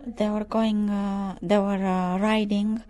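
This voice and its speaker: A woman preaching, recounting news in a halting, filler-heavy way, rising to forceful preaching. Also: mid-range voice, flat delivery. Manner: halting, many fillers and restarts; grows loud and forceful when preaching. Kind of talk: sermon reading news and prophecy.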